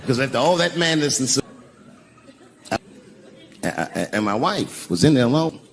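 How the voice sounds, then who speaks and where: Animated male comic in a big echoey venue. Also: mid-range voice, moderate pace. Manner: animated storytelling, shouted punchlines and acted-out voices. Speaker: stand-up comedian. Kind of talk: stand-up routine. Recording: echoey large venue with background noise.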